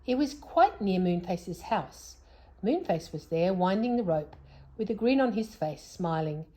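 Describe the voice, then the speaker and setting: A woman reading a children's story aloud in an expressive, lively way. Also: medium pitch, unhurried.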